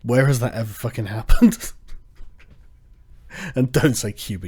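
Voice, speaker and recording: Male channel host, mellow low timbre, swears freely, sarcastic and heated in a loose livestream rant. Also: unhurried, husky. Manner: profane, sarcastic, animated.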